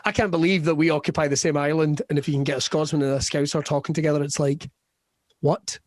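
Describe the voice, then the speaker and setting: A middle-aged Scottish man, a comedian guest on a podcast, tells animated stories, laughs often and slips into quick character voices. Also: a little high, dry recording. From West Scotland. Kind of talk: casual podcast chat.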